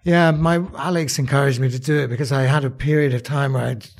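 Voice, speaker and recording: Rambling man with a breathy voice. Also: medium pitch, fairly even intonation, quick pace. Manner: rambling, self-mocking, with restarts and laughs. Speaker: actor and songwriter guest. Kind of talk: casual interview chat.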